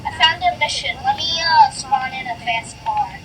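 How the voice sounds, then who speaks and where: A young woman hosting a casual gaming session with a friend, excitable and giggly, often pleading to be waited for. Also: high-pitched, moderate pace. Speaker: gameplay host. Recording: distant mic with faint noise.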